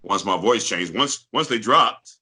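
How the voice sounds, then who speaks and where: A guest voice actor in his fifties from St. Louis, Missouri, tells stories in a casual interview, loose and animated, breaking into impressions and laughs. His unhurried, husky voice sits low in a deep bass register yet carries a strikingly bright, cutting edge. The audio is poor.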